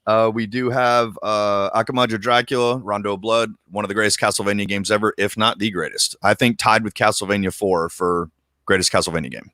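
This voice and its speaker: Low-voiced excitable man on a podcast. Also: brisk, no echo, studio quality. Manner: excitable, slangy, swears casually, jumps into high voices for quoted lines. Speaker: podcast co-host. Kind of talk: casual chat.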